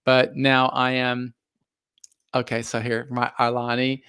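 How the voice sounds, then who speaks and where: A man's voice: mid-range voice, completely flat delivery, unhurried, fairly bright tone, smooth, no echo, clean studio sound. A middle-aged man hosting a casual live stream, speaking earnestly and thoughtfully with many fillers and restarts. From United States. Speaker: live stream host reading viewer comments.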